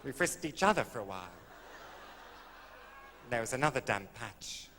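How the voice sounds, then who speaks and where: A man's voice: medium pitch, lively intonation, moderate pace. A man, telling a camp, arch, innuendo-laden story as a stand-up comedian on stage. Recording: echoey old live stage recording with faint hiss.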